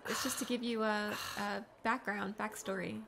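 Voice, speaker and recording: A woman helping a friend through a video game in casual chat, gently coaching and reading game text aloud. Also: medium pitch, fairly even intonation, normal speed, vocal fry. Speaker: co-player helping the gamer.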